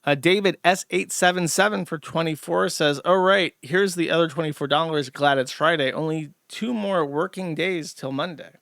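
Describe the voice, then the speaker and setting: A man's voice: fairly high pitch, moderate pace, gravelly, hardly any pauses, a bit bright, dry recording, studio quality. A man reading out viewer donations on his livestream and answering them in a blunt, profane, sardonic way. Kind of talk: casual livestream chat.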